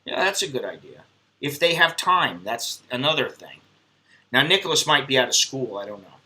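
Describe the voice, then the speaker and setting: A man's voice: mid-range voice, big pitch swings, moderate pace, bright, forceful tone. A man hosting a live stream, rambling bluntly and swearing at viewers in casual chat. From United States.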